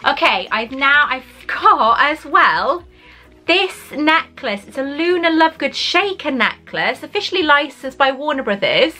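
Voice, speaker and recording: A woman chatting through an unboxing, gushing and emotional and quick to exclaim. Her voice is bright and a little high, and faint music plays underneath. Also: very animated. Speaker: vlogger unboxing gifts. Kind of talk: casual unboxing chat.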